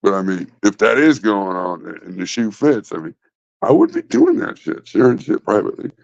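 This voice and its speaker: A lowish, gravelly male voice swinging widely up and down as he rants in a blunt, profane, rambling way. He hosts a casual livestream from his phone, and the sound is dull, lo-fi and dry. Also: huge pitch swings, moderate pace, a little mellow, no room sound. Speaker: livestream host.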